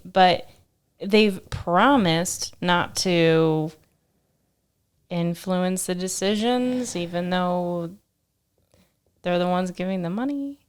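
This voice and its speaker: A woman's voice: lowish voice, smooth. A woman producer co-hosting a casual podcast chat, rambling and giggly as she asks questions.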